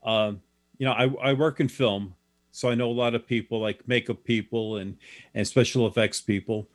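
A man's voice: medium pitch, fairly even intonation, moderate pace. Male guest author, plain storyteller, mid-range voice, matter-of-fact delivery. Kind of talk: storytelling in a radio interview.

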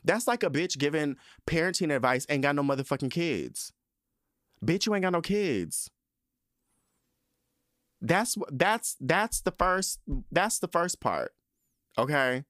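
A man's voice: a little high, animated, measured pace, pauses often, a bit bright, no room sound, clean studio sound. A man hosting a podcast, ranting in a casual, sassy and profane way with lots of emphasis. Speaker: podcast host.

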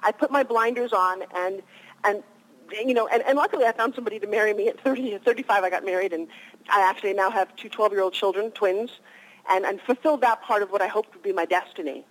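A woman's voice: medium pitch, quick pace, poor audio. A woman in her fifties, a guest on a radio interview, telling stories with energy and animation.

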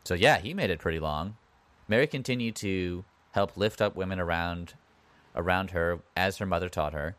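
Low-voiced man telling history casually. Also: normal speed, fairly bright tone, no room sound. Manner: conversational, with asides and wry comments. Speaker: podcast host.

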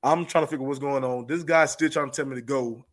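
A man telling a story as a podcast guest, animated, and repeating phrases for emphasis. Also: medium pitch, fast. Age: adult with children. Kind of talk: casual storytelling.

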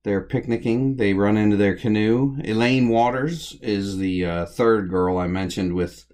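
A man casually recapping the plot of an old comedy short, chatty and relaxed, with many "uh" pauses. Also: on the low side. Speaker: host of a film recap series.

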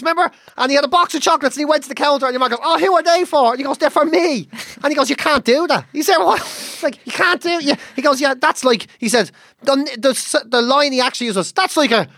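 Sweary, quick man with a high voice. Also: no echo, studio quality. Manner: sweary, animated storytelling. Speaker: comedian co-host. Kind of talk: casual podcast chat.

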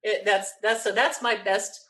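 A woman with a Southern US accent, a guest telling an animated story, laughing often and acting out what people said. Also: mid-range voice, unhurried. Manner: lively, frequent laughs, acts out quotes.

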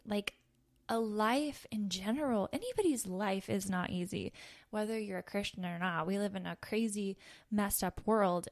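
A woman in her thirties talks through a devotional in a casual, earnest way, with plenty of fillers. Her voice sits fairly high and has a gravelly fry. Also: a little mellow. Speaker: podcast host. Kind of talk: conversational devotional teaching.

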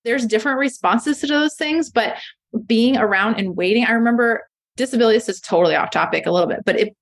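A woman's voice: on the high side, fast talker. A woman in her thirties, a mother, speaking as a podcast guest and telling personal stories in an earnest, reflective way. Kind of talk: conversational interview.

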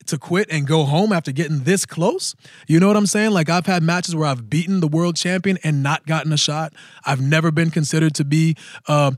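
A middle-aged man, a professional wrestler, telling a story casually and acting out other people in lively voices. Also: no echo, studio quality. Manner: animated, jumps into high silly voices to act out crowds.

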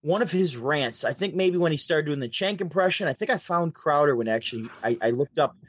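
A man's voice: fairly high pitch, lively intonation, a little fast, fairly bright tone, slightly rough, no echo. A man from Syracuse, New York, casually telling a long story as a podcast guest, acting out quoted voices as he goes. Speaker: podcast guest, DJ and show host. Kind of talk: casual storytelling over a call.

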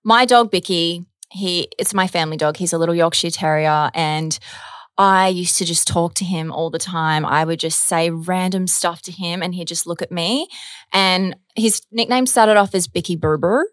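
A woman's voice: fairly low pitch, no echo, studio quality. A young woman, co-hosting a podcast in bubbly, enthusiastic casual chat. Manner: bubbly, quick to laugh along, enthusiastic. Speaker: podcast co-host.

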